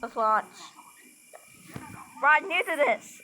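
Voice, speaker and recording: A woman chatting casually with friends while playing a game, excitable and prone to panicked yelps. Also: high-pitched, very slow, noisy background. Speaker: gamer. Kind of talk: casual gameplay commentary with friends. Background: game music.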